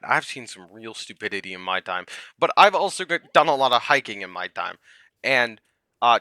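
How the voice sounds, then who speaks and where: A man ranting to the camera, heated and sarcastic, swinging between yelling and muttering. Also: mid-range voice, no room sound, studio quality. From United States. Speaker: comedian vlogger. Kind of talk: comedic rant to camera.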